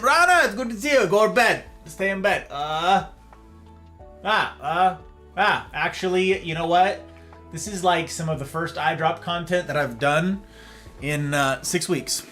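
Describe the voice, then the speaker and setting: This man's voice is sharp and unhurried as he greets each person in his livestream chat. Playful and theatrical, he moves between high-pitched exclamations and low murmurs, with faint music behind him.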